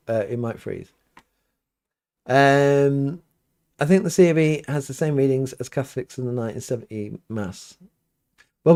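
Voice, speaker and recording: Vicar guy chatting live from his home studio, loose and rambly, full of fillers, ordinary middle pitch. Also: a little mellow. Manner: rambling, many restarts and fillers. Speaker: priest hosting a livestream. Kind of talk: casual live Q&A chat.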